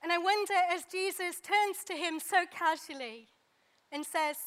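A woman preaching a sermon, pausing for effect and acting out the lines she quotes. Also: very high voice, a bit bright. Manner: dramatic pauses, acts out quoted dialogue.

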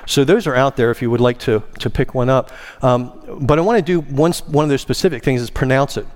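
Guy preaching a sermon in church, gets loud and high on the big words, has folks repeat lines after him. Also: quick pace. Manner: emphatic, rising in pitch on key words; leads the congregation in call-and-response. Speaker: pastor. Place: church sanctuary.

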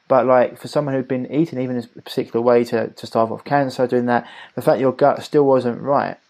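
A man's voice: mid-range voice, steady tone, brisk, gravelly, darkish tone. A man hosting a podcast as a health coach, explaining in long rambling runs with many restarts. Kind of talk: podcast conversation.

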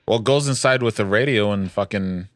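A man's voice: on the low side, moderate pace, dry recording, clean studio sound. A man in casual chat while watching a movie with friends, blunt and matter-of-fact with some swearing.

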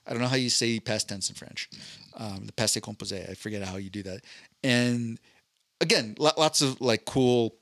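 A man of ordinary pitch, neither high nor low, spins a meandering story on a podcast, loose and casual with the odd curse word. His voice comes across close and dry, with no room around it. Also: moderate pace, vocal fry, fairly bright tone, no room sound. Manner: rambling anecdotal storytelling with profanity. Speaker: podcast co-host. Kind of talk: casual chat.

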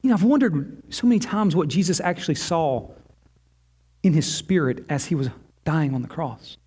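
A middle-aged man preaching a sermon, earnest, sinking low and quiet on key lines and rising when he voices prayers. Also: lively intonation, normal speed, husky. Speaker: pastor.

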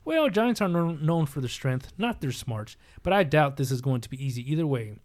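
A man reading a storybook aloud and voicing a cheerful young female fairy with bright, chipper delivery. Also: fairly high pitch, very animated, moderate pace.

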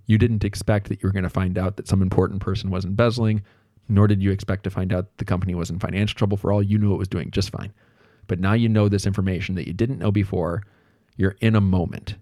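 A man's voice: lowish voice, mellow, dry recording, studio quality. A man hosting a podcast, talking through ideas in a casual, conversational way, thinking aloud with fillers and made-up examples. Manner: acts out little bits of dialogue in passing. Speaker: podcast host. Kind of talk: casual solo explanation.

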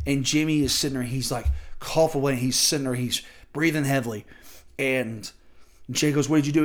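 Excitable man reviewing wrestling. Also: medium pitch, fairly quick. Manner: excitable, acts out the wrestlers' lines. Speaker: wrestling podcast host.

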